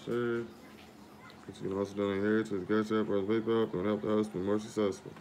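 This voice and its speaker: Low, flat-voiced man hosting a livestream. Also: fast, a little hiss or hum. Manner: repetitive shout-outs and thanks to viewers. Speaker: livestream host. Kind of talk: casual live-stream chat.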